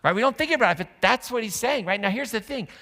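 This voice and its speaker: Bright-voiced preacher in a reverberant church. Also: male voice, very high voice, fast talker. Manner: conversational, animated storytelling with asides to the congregation. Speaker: pastor. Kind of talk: sermon. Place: church sanctuary. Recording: long hall reverb.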